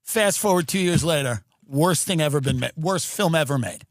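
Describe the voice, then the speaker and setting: A man ranting through a comedic monologue, animated, mimicking agents and fans in mocking voices. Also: on the high side, moderate pace, no echo, clean studio sound. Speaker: comedian and podcast host. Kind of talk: comedic rant.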